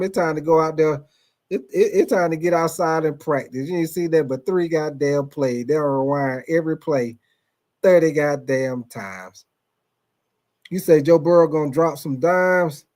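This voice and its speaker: A man hosts a casual sports live stream, his voice sitting a bit high for a man. He rambles through profane stories and calls out his viewers by name as he goes. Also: darkish tone. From Atlanta, USA. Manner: profane, loose storytelling, addresses viewers by name. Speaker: sports livestream host.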